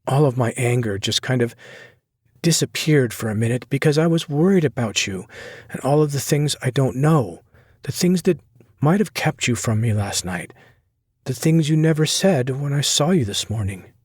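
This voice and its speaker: A heartbroken young woman pours out anger and love in a raised, husky voice, her words tight and near tears, as a male narrator puts her on. The storybook delivery is dry and close. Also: mid-range voice, animated, normal speed, a little mellow, no echo, voice pushed up. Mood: pleading. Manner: impassioned, pleading, near tears. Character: young woman, hurt and furious lover. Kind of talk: audiobook character voice.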